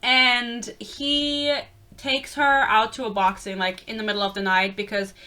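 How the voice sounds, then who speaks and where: A woman in her twenties vents about a book in a blunt, casual rant full of profanity. Her voice is bright and crisp and sits a touch high. She is exasperated and talks straight to the camera. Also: little pitch movement, unhurried. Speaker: book reviewer.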